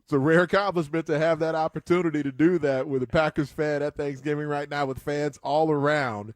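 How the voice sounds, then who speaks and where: Fast-talking male radio co-host. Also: on the high side, fairly even intonation, no echo, clean studio sound. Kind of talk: sports talk radio chat.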